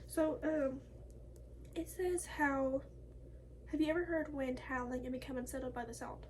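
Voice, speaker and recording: Giggly high-voiced young woman reading aloud. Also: steady tone, normal speed, slight background noise, poor audio. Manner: giggly, chatty, reads unevenly. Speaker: video co-host. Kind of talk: reading horror posts aloud with casual chat.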